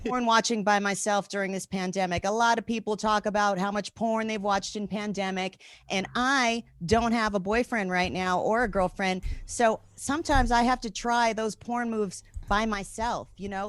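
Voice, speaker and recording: A woman's voice: medium pitch, moderate pace, fairly bright tone, no echo, rough recording. A woman in her thirties hosting a comedy show and doing bawdy, conversational stand-up.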